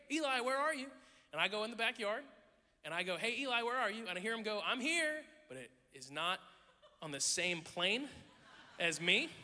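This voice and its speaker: A middle-aged man delivers a sermon in a very bright, lively voice that sits high for a man. He tells his stories with humor and acts out the people in them. A long reverb trails off every line in the hall. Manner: animated storytelling, jokes and acted-out quotes. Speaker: pastor.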